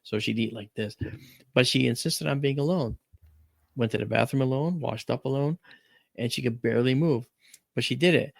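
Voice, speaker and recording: A man hosting a talk show, telling stories in a gravelly, mid-pitched voice. He rambles and restarts, leaning on words for emphasis. The recording is dry and close. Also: normal speed, long pauses, no room sound. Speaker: radio show host. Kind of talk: casual storytelling chat.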